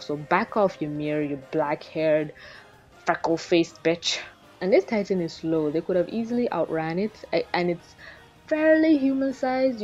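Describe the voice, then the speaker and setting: A woman giving a casual anime episode review in an animated, rambling way, swearing freely. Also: fairly low pitch. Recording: dull lo-fi recording with faint background music.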